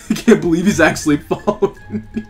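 Speaking at a normal speed in a high voice, a young man laughs often while delivering sarcastic, playful commentary on his trolling gameplay. He makes gaming videos for YouTube, and faint music sits underneath.

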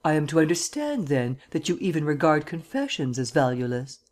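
A man's voice: fairly high pitch, very animated, brisk. A man doing a scornful, irritable prosecutor. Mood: scornful, exasperated. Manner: gruff, scornful, defiant. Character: irritable, sarcastic male district attorney. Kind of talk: audiobook character reading.

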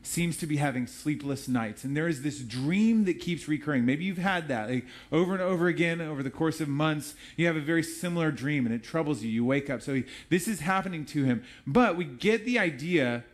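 A man in his thirties or forties delivers a church sermon, chatty and storytelling rather than formal. His voice sits somewhat high for a man, and he talks to the congregation with easy, casual asides. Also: lively intonation, brisk, few pauses. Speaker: pastor.

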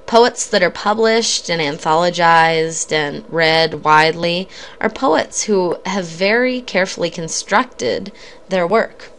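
A woman's voice: on the low side, slow pace, a bit bright, slight background noise. Woman lecturing conversationally on poetry. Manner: conversational, explanatory, frequent ums and self-corrections. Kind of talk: recorded literature lecture.

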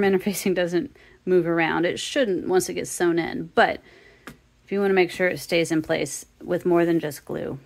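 A woman's voice: on the low side, vocal fry. A woman teaching a sewing tutorial, casually talking the viewer through each step. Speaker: sewing instructor.

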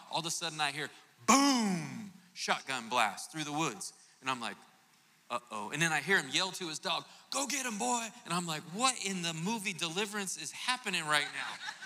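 A male pastor from Florida telling a lively, joking story during a sermon. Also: a little high. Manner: animated storytelling, jokey asides. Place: church auditorium. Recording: reverberant church hall.

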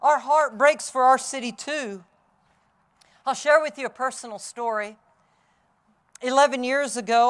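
High-voiced pastor telling a story. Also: male voice, smooth. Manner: vivid storytelling, acts out crowd cries, swings from loud to hushed. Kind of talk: outdoor Easter sermon, storytelling. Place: outdoors on a hilltop.

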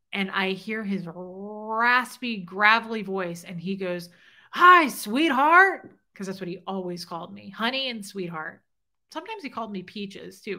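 Bright-voiced woman hosting a heartfelt livestream. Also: mid-range voice, gravelly. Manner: heartfelt, openly emotional, chatty. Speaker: livestream host. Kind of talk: casual livestream chat reading comments.

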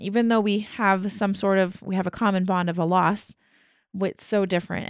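A woman's voice: on the low side, no room sound. Affirming woman podcast host, dry sound. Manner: affirming, emotional, many short yeahs and restarts. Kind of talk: warm interview chat.

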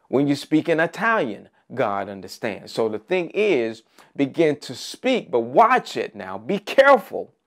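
A man preaching an Easter sermon, emphatic, with rising repeated phrases and frequent "uh" fillers. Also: medium pitch.

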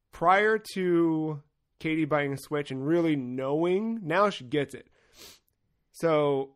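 A young man co-hosting a casual gaming podcast, an excitable storyteller who swears freely. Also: on the high side. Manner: excitable storyteller, swears freely, acts out his own shouting. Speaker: podcast co-host.

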